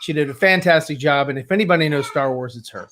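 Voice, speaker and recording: A man with a slightly high voice chatting casually about films. He talks in loose, halting runs full of uh's and restarts. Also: a bit bright, slight background noise. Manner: rambling, hesitant with many uh's. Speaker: podcast co-host. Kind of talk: casual movie chat.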